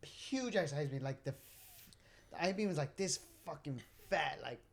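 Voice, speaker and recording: A man in his twenties, co-hosting a podcast in a small room, tells stories with lots of swearing and animated bursts. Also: on the high side, moderate pace, gravelly. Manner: animated storyteller, heavy swearing. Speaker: podcast co-host. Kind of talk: casual chat. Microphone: podcast mic at a table.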